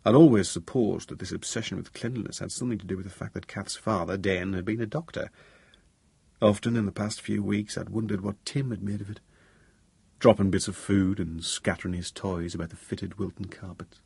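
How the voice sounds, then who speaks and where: A man narrates a first-person thriller audiobook in a measured, grave tone. His voice is low and gravelly, with a husky grain. It is recorded close and dry. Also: steady tone, darkish tone, no room sound.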